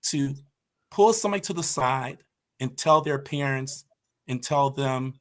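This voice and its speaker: A man's voice: mid-range voice, unhurried, fairly bright tone. A man as a podcast guest, telling stories about his martial arts team with passion and emphasis. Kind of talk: conversational storytelling.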